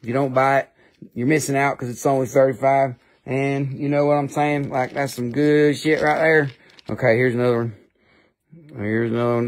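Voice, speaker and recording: Selling rocks over a live stream, an Appalachian-accented man rambles through a casual chat full of jokes and silly voices. His delivery is brisk, with medium pitch and fairly even intonation.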